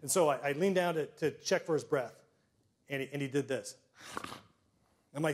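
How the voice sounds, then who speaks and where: A middle-aged man telling personal stories to a live audience, self-deprecating, with comic timing and frequent throat clearing. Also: a little high, normal speed, long pauses. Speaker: storyteller.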